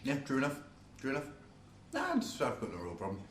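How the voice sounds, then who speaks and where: A man's voice: mid-range voice, wildly swooping pitch, fast. A man co-hosting a podcast. He chats casually, swears and jokes a lot. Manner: sweary, joking, bursts into silly voices. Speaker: podcast co-host. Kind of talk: casual banter. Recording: echoey room, faint background noise.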